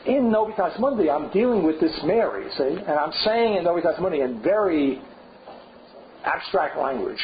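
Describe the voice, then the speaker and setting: A man's voice: on the high side, lively intonation, brisk, slight background noise. An older man leading an informal seminar lecture, thinking aloud in a digressive way and often checking in with a rhetorical "right?". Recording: dull lo-fi classroom recording.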